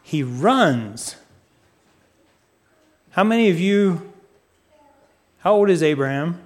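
A man preaching a sermon, speaking deliberately and putting questions to his listeners. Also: high-pitched, animated. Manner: asks the audience questions; unhurried, deliberate. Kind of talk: sermon teaching.

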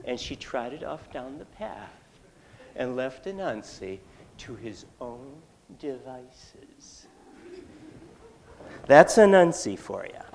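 A storyteller telling a folktale live, folksy and animated with rambling asides. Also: medium pitch, slow, creaky, pauses often.

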